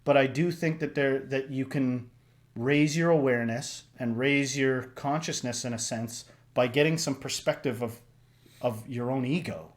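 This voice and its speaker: A man hosting a casual reaction discussion, talking in an animated way that swings up and down. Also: moderate pace. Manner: animated, shifts pitch and loudness a lot, acts out voices. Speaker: reaction video host.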